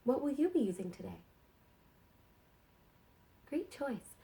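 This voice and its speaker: A woman teaching sight words to young kindergarten children in a slow, encouraging sing-song way. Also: high-pitched, sing-song, creaky, dark tone.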